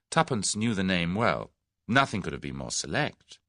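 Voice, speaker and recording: A man narrating an audiobook in an expressive storytelling manner. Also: sits low, normal speed, no echo, studio quality. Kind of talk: scripted narration.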